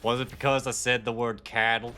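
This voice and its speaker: A man's voice: medium pitch, level tone, fairly quick, pushed and bright, soft background music. A man streaming a game live, chatting casually in a rambling, self-deprecating way. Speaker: gaming streamer. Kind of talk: casual live-stream chat while gaming.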